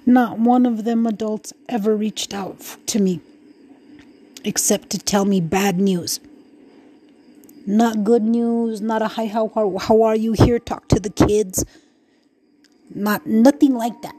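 A woman's voice: a little high, steady tone, measured pace, mellow. A middle-aged woman hosting a podcast, talking through her hurt and frustration in a raw, profane, rambling monologue full of restarts. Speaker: podcast host. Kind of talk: emotional personal monologue.

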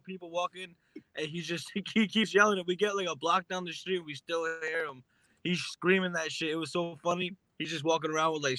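A young man joins a podcast for casual chat, telling slangy stories and laughing through them. His voice is bright and a little high. The recording is dry. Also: no echo. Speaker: podcast guest.

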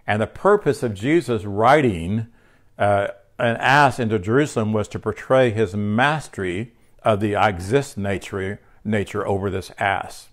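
A man teaching a spiritual lesson from his home, speaking conversationally with fillers and restarts, and sounding tired. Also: on the low side. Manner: conversational, with fillers and self-corrections. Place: home room.

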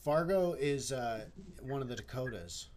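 A man from Minnesota co-hosting a live stream, talking in a laid-back, slangy way that swings from low mumbles to loud bursts. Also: expressive, unhurried, a little hiss or hum. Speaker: live show co-host. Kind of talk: casual stoned chat. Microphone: livestream mic.

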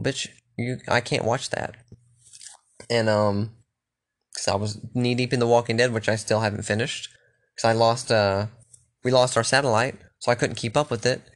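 A man's voice: medium pitch, fairly bright tone. A young man chatting casually and rambling, swearing freely and restarting his sentences often. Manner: loose, profane, rambling with restarts.

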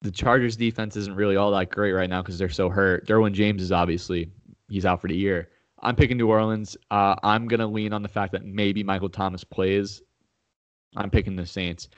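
A man's voice: low-pitched, fairly even intonation, moderate pace, no echo. A man talking casually through football picks, rambling with restarts and getting heated and profane when challenged. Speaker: podcast host making game picks. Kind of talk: casual sports chat.

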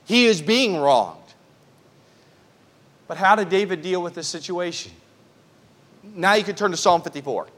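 Male pastor, high voice, earnest sermon delivery, slow scripture reading. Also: expressive, fairly bright tone. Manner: earnest, reads scripture slowly, restarts phrases. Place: church.

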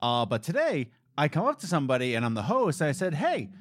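Lively young man hosting a podcast. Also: on the high side, fast talker, no echo, clean studio sound. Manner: animated, jokey storytelling with mimicked voices. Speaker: podcast co-host. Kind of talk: casual podcast chat.

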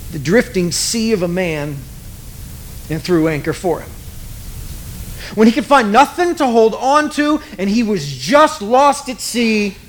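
A man preaching a sermon, telling a story dramatically with emphatic pauses and repetition. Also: high-pitched, fairly bright tone, a little hiss or hum.

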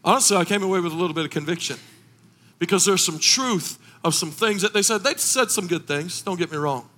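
A middle-aged man preaching a sermon as pastor, impassioned, rising into shouted, sung cadences. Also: high-pitched, fairly quick.

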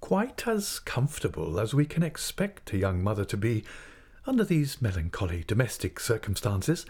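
A man voicing a mild, timid village doctor who speaks in a soft, placating way. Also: on the low side, sing-song, moderate pace, breathy edge, heavily acted. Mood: meek placating.

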